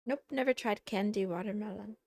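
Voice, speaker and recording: A young woman VTuber streamer chatting casually and playfully while eating on a quiet stream. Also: mid-range voice, fairly quick.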